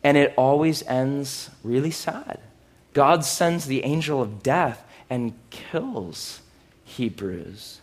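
A man preaching a sermon in an animated way, with loud exclamations, hushed asides and sarcastic, self-mocking humor. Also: mid-range voice, slow pace. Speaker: pastor.

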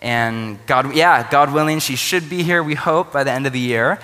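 Bright-voiced preacher in a reverberant hall. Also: male voice, medium pitch, normal speed. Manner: conversational, joking asides. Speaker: pastor. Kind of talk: sermon. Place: church.

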